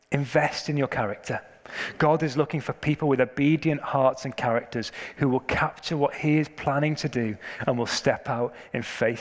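A man's voice: medium pitch, big-room sound. A man preaching a sermon, telling stories and building to emphatic questions.

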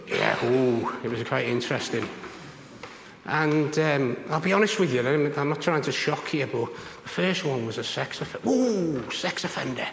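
A man's voice: moderate pace, gravelly, slight background noise. A man, a prison chaplain, telling a story in conversation and acting out the voices of the people in it. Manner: animated, acts out others' voices with big pitch jumps. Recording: echoey room with long reverb.

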